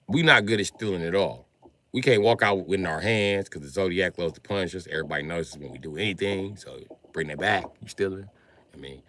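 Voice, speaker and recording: A man doing a profane comedic rant on a livestream, jumping between loud shouted bits and low mumbled asides. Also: slight background noise. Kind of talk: comedic rant with acted-out voices.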